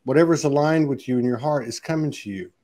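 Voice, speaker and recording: A man's voice: mid-range voice, fast, dark tone. A man co-hosting a casual conversation, laid-back and loose, saying "man" and "you know" and acting out little quotes.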